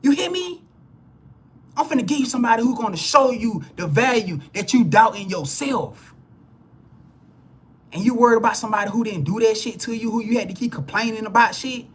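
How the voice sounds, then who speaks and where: Speaking fast in a husky, high-pitched voice, this spiritual reader preaches bluntly at a live audience. He swears liberally, and when worked up he doubles back on words and restarts lines to hammer his points home.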